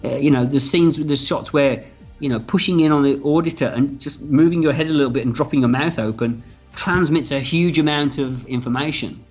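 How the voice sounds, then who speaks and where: A man telling stories as a guest in a casual interview, lively and animated. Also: a little high, fairly quick, slightly rough. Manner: animated, acts out quoted voices. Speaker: film director interviewed as guest. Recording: dull lo-fi sound with faint music.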